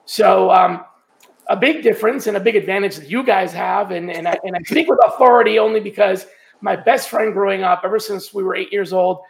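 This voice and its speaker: A man with a high voice, edged with creaky fry, talks casually as a podcast guest. He explains his methods step by step and often restarts his sentences. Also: fairly quick. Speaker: guest, sourcing trainer.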